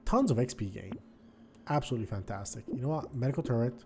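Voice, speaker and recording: A man giving casual gameplay commentary, thinking aloud and swinging between quiet muttering and frustrated outbursts. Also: medium pitch, expressive, quick pace, slight background noise. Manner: thinks aloud, repeats words and restarts. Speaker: gaming video host.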